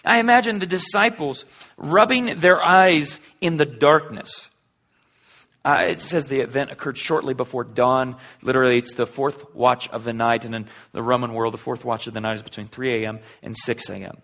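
A man preaching a sermon in a conversational way, asking the listeners rhetorical questions and swinging between loud and hushed delivery. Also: mid-range voice, moderate pace. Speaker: pastor.

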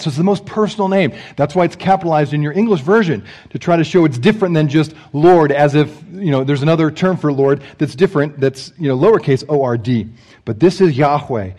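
A man preaching a sermon as pastor, conversational with joking asides to the congregation, swinging between loud emphasis and hushed phrases. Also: on the high side, breathy edge.

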